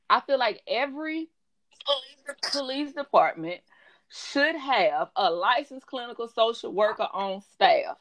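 A woman who works in mental health, telling animated stories in casual chat, laughing often and quoting people. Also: medium pitch, measured pace.

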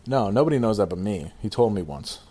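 Podcast co-host, man, animated pitch, rambling and giggly, casual profanity. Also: a little fast, breathy edge. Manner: rambling, laughs often, profane. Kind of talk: casual chat.

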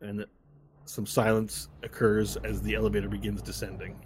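Relaxed man narrating a tabletop game. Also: lowish voice, normal speed, a little hiss or hum. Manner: relaxed, meandering. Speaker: game master.

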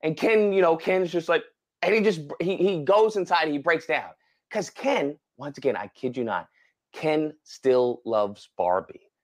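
Animated high-voiced man retelling a movie. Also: unhurried. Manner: animated storytelling with dramatic exclamations. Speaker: podcast co-host. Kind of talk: casual chat.

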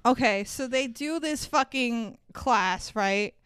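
A woman's voice: a little high, takes it slowly, a bit bright, clear, resonant tone, no room sound. A woman co-hosting a casual movie podcast, blunt and sarcastic, swearing often. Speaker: podcast co-host.

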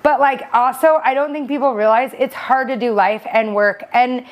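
Woman podcast co-host, candid and teasing, a bit high in pitch. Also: fairly even intonation, moderate pace, lo-fi sound. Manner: frank and teasing, talks things through. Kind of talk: casual chat.

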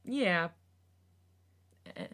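A woman's voice: extremely slow, fairly bright tone. A woman co-hosting a podcast, reading fan fiction aloud with giggly asides and some stumbles. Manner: giggly, stumbling over words. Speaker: podcast co-host.

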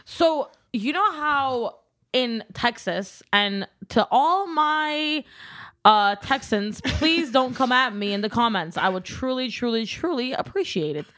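Woman from California, late 20s, bubbly guest, very animated pitch. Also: slow pace. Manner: bubbly, says "like" a lot. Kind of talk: casual chat.

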